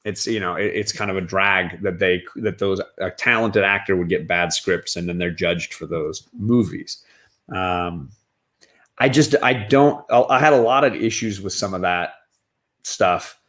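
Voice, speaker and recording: A middle-aged man with a fairly low voice chats casually about movies with his daughters. He rambles and restarts his sentences often, circling back to his points in an easygoing way. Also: unhurried, fairly bright tone. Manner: rambling, with many restarts and fillers. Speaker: host, father reviewing films with daughters. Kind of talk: casual chat.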